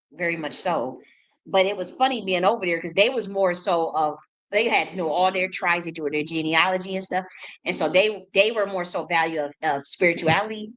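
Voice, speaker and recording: A woman's voice: fairly low pitch, a bit bright, rough recording. Woman just chatting to camera, rambly, lots of restarts and little laughs. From United States. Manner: rambling, repeats words, laughs often. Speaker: spiritual reader and channel host. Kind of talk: casual unscripted monologue.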